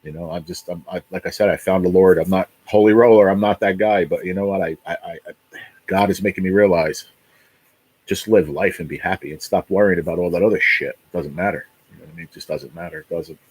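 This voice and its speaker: A man's voice: deep voice, fairly even intonation, fast talker, a little mellow, husky, low-quality recording. A man in his late forties, hosting a casual livestream, talking bluntly, swearing a lot and repeating himself. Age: 40s. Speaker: livestream host.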